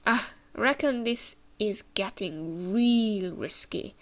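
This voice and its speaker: A woman's voice: mid-range voice, slow pace, close to an everyday voice. A woman doing a drawling cowboy scientist. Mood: folksy. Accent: put-on cowboy drawl. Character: folksy male scientist drawling old-timey slang.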